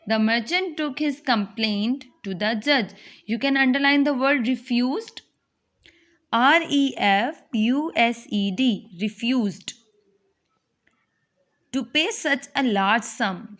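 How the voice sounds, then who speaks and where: Slow, high-voiced woman teacher. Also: fairly bright tone. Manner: spells words letter by letter, explains meanings; mixes in Urdu tag questions. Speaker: English teacher. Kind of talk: classroom reading lesson.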